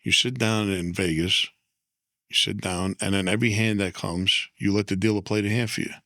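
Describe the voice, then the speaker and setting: A man's voice: lowish voice, fairly even intonation, normal speed, pushed and bright, no echo, clean studio sound. A man talking through a casual interview, streetwise, handing out tips step by step. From United States. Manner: streetwise, instructive, tosses out tips. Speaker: interview guest. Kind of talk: casual storytelling chat.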